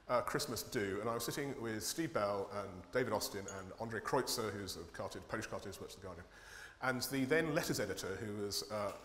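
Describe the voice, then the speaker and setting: A man's voice: medium pitch, sharp tone. A man giving a humorous, irreverent conference talk, swearing freely with dry comic timing. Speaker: conference speaker, cartoonist. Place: conference hall. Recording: long hall reverb.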